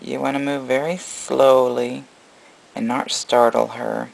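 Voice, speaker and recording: A man narrating a casual breeder vlog with a gravelly, creaky texture in his voice. He slips between doting, cooing baby talk aimed at his animals and straightforward explanation for the viewer. His pitch sits in an ordinary middle range. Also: level tone, slow, slight background noise, poor audio. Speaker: reptile breeder.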